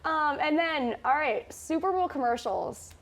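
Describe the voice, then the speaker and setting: A woman's voice: sits high, expressive, a little slow, crowd noise. A young woman co-anchoring a student campus show, chatting casually with many ums and restarts. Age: young adult. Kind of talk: casual chat.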